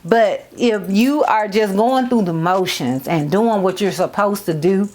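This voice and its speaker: Woman vlogger, thirties, casual storytime chat, heartfelt, repeats herself, calls viewers y'all, mid-pitched voice. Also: unhurried, darkish tone. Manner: heartfelt, repeats phrases for emphasis; addresses viewers as y'all and girl. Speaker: beauty vlogger.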